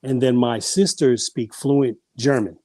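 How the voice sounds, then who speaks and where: A man's voice: medium pitch, steady tone, a little slow, dark tone, no echo. A man guest on a podcast, telling family stories in a rambling, casual way with many restarts and repeated words. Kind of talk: casual storytelling.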